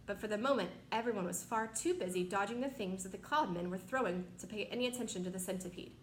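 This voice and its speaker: A woman's voice: mid-range voice, quick pace. Woman reading a storybook aloud. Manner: steady, expressive storytelling. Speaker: reader. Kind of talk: reading a children's novel aloud. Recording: echoey room, faint noise.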